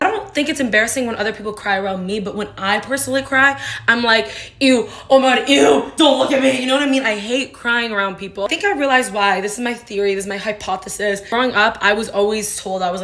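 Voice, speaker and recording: A woman's voice: mid-range voice, a bit bright. A woman in her twenties talking casually to the camera in a vlog, candid and chatty, swearing freely and acting out her own reactions. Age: 20s. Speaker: social media creator.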